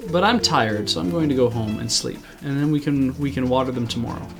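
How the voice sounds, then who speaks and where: A man's voice: mid-range voice, fairly quick, over music. A man streaming a farming game, chatting casually with his viewers and poking fun at himself. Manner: chatty, self-deprecating, answers chat. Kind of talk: casual game commentary to chat.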